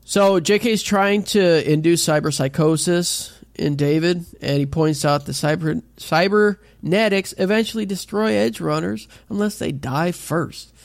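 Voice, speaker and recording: A man's voice: on the high side, measured pace, vocal fry, few pauses, dry recording, studio quality. A man co-hosting a podcast, casually recapping an episode with lots of fillers and swearing. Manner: rambling recap with many "uh"s and profanity. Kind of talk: casual chat.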